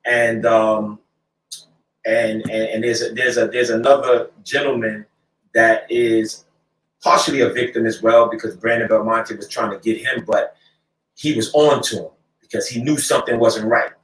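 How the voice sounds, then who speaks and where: A man's voice: mid-range voice, steady tone, normal speed, fairly bright tone, reverberant, distant mic, a little hiss or hum, low-quality recording. A man speaking emphatically to listeners, repeating phrases and using many fillers. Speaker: clergyman speaking out. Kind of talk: speech to a crowd.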